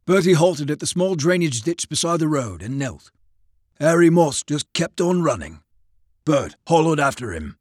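A man's voice: medium pitch, sing-song, normal speed, slightly rough, dry recording, clean studio sound. Man narrating a dramatic audiobook. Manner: dramatic, dropping to a hush on tense passages.

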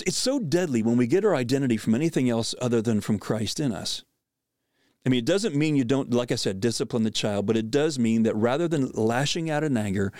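A middle-aged male podcast host who talks in an earnest, reflective way and fills his sentences with casual fillers. His voice sits at an ordinary pitch and is recorded very dry and close. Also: a little mellow, dry recording. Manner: earnest and reflective, many "you know" fillers. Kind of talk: conversational storytelling.

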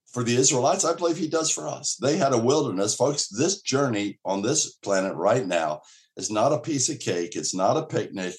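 A male pastor preaching an earnest, emphatic sermon, acting out quoted dialogue along the way. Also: mid-range voice.

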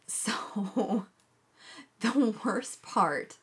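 A young woman chatting casually as a podcast co-host, telling a blunt, heavily sworn, animated story. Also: medium pitch, drawn-out words, slightly rough. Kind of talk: casual chat.

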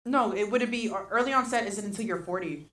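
A woman's voice: mid-range voice, brisk, fairly bright tone, recorded from a distance. A woman in her twenties co-hosting a podcast, talking bluntly and swearing freely. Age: 20s. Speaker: podcast co-host. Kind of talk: casual chat.

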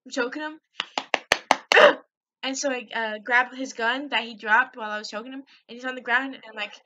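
A woman's voice: on the high side, steady tone, fast talker, dull audio, heavy background noise. A woman hosting her own podcast, giggly and rambling, recapping a video with lots of fillers and swearing. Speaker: podcast host. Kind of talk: rambling solo podcast chat. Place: at home, on a call with a friend.

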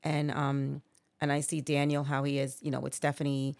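A low-pitched woman in her sixties who talks in loose, rambling runs, packing in "you know" and restarting her sentences. The sound is dry and close, with no room around her. She is a mother chatting casually about her family on a remote podcast setup. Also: monotone, moderate pace, gravelly, darkish tone, no room sound. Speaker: guest, mother of the hosts.

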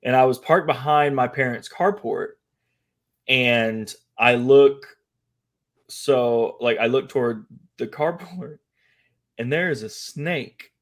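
A young man from the American Midwest, co-hosting a casual podcast and telling stories with lively, acted-out quotes. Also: slow. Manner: animated storyteller, acts out quotes in a high voice. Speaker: podcast co-host. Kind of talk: casual chat.

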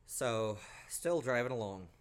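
A man's voice: mid-range voice, a little slow, clean tone. A young man hosting a podcast, casually telling a spooky personal story with lots of swearing. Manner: profanity-laced, animated retelling. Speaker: podcast host.

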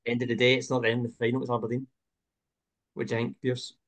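Man, flat hesitant podcast host. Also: mid-range voice, fast. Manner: hesitant, many fillers. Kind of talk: casual football chat.

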